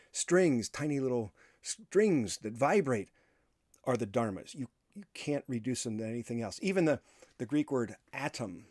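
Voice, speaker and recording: A man's voice: medium pitch, no room sound. Man lecturing on philosophy, dry sound. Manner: animated, acts out quotes, chuckles often. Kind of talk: classroom lecture.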